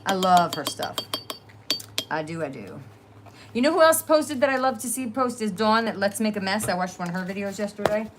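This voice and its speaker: A woman's voice: medium pitch, expressive, normal speed, noisy background. A middle-aged woman with a New Jersey accent, hosting a casual crafting livestream in a chatty, rambling way, laughing often. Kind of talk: casual live-stream chat.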